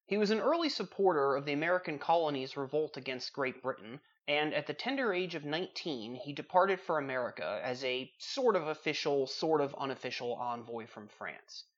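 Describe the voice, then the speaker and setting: A man's voice: on the high side, muffled recording. A man hosting a trivia podcast, chatting casually and reading out questions and facts in a dry way.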